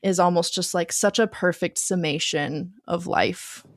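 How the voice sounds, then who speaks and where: A woman's voice: fairly low pitch, measured pace, vocal fry. A young woman co-hosting a casual film podcast, eagerly retelling scenes she loved. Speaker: podcast co-host.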